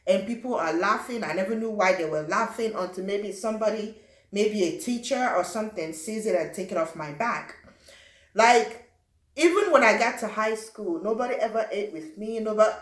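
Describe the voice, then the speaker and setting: Young woman, from Africa, personal storytelling, animated, roomy echo. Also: mid-range voice. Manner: animated, acts out quotes and sound effects. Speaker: vlogger.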